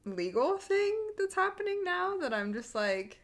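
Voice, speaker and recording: A woman's voice: very high-pitched, big pitch swings. A young woman co-hosting a podcast in casual chat, recounting events with frequent laughter and quoted dialogue. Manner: laughs often, quick, storytelling, quotes others. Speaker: podcast co-host.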